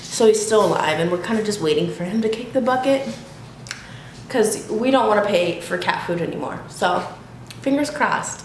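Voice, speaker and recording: A woman's voice: mid-range voice, expressive, normal speed. A woman vlogging to camera at home in a casual chat, frank and profane, laughing often. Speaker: YouTube vlogger. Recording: echoey room, faint background hiss.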